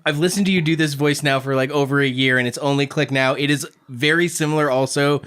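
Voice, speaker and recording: A man's voice: a little high, fairly even intonation, quick pace, heavy background noise. A man who is a podcast cast member, chatting casually with enthusiastic, rambling jokes. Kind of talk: casual chat.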